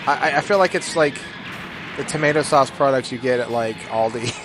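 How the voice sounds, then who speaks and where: A man giving rambling, jokey gameplay commentary, with sudden loud bursts of excitement. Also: medium pitch, a little fast. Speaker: gaming YouTuber. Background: game music.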